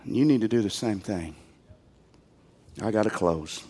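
An older man, a pastor, preaching a sermon in a plain-spoken folksy way, swinging between loud outbursts and quiet, low passages. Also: unhurried, husky.

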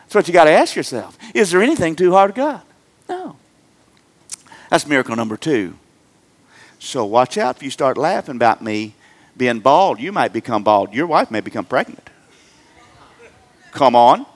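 A middle-aged man preaching a humorous sermon, jumping between loud emphatic lines and quiet joking asides. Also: medium pitch, big pitch swings, moderate pace, long pauses. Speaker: pastor.

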